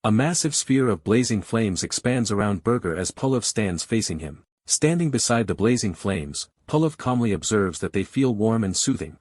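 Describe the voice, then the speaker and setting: A man reading a scripted recap of a fantasy comic's plot in a steady, even storytelling delivery. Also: lowish voice, normal speed, few pauses, no room sound, clean studio sound. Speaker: recap narrator.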